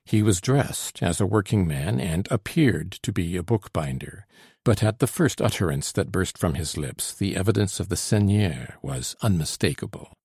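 Low gravelly male audiobook narrator. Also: dry recording, studio quality. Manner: measured, steady reading of period prose. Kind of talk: scripted narration.

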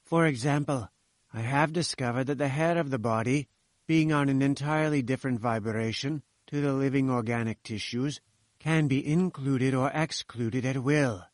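A man reading a sly, nervous male inventor with a smooth, wheedling manner. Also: medium pitch, normal speed, dry recording, natural voice.

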